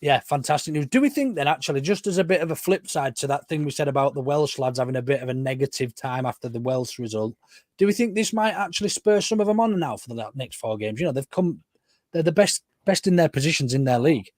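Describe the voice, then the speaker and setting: Guy hosting a footie podcast, kinda high voice, dry close sound, keeps asking the others stuff. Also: animated, quick pace, darkish tone, dry recording. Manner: leads the talk, puts questions to the guests. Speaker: podcast host. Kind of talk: casual football podcast chat.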